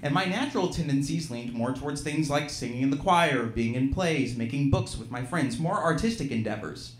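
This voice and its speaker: A man's voice: mid-range voice, expressive, moderate pace. A man from Alabama telling a true story at a live storytelling show, self-deprecating and laughing through his lines. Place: live venue stage, audience present. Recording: roomy live venue sound.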